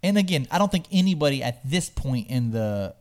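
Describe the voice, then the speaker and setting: A man casually telling a funny story in conversation, acting out the quoted lines with lively voice jumps. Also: fairly quick. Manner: animated, acts out quotes with rising pitch.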